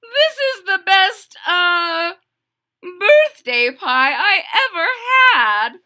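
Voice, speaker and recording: A woman's voice: very high-pitched, big pitch swings, very slow, bright, forceful tone, pitched above the performer's own voice, full character voice. A woman voicing a delighted frog mother in a picture book, gushing in a sing-song way.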